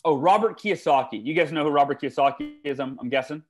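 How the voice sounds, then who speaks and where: A man, a guest author in a podcast interview, telling stories in an animated way with big swings in his voice. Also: on the high side, quick pace, soft background music. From United States.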